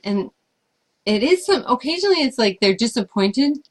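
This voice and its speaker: A woman's voice: a little high, big pitch swings, moderate pace. A woman chatting casually as she answers viewer questions about life with her service dog, thoughtful and hesitant, with frequent fillers. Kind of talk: casual Q&A chat.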